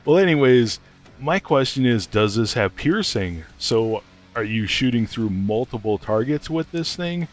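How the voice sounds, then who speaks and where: A man's voice: medium pitch, animated, measured pace, faint music behind. A man giving casual gaming news commentary, chatty and speculative, thinking aloud as he goes. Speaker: gaming video host.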